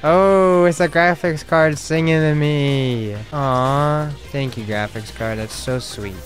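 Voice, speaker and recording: A young man streaming a video game, reacting with slangy, excitable commentary and sudden loud outbursts. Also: mid-range voice, slow pace, soft background music. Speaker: gaming streamer. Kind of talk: let's play commentary.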